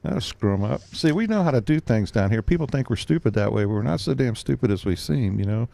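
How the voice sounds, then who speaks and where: A man's voice: mid-range voice, expressive, fairly quick, vocal fry, dark tone, dry recording. A man from Florida with a Southern drawl, telling folksy, joking stories on a casual radio chat show. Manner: folksy, joking, rambling anecdotes.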